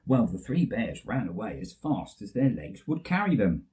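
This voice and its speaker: An English man reading a children's story aloud, lively and expressive. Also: mid-range voice, unhurried, far from the mic.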